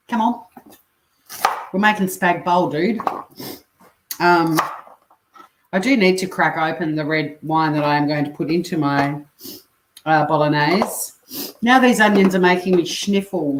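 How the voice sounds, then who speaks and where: Cooking in her home kitchen, an Australian livestream host chats casually, swears offhandedly and reads out her viewers' comments. Her fairly low voice sounds reverberant against a noisy background.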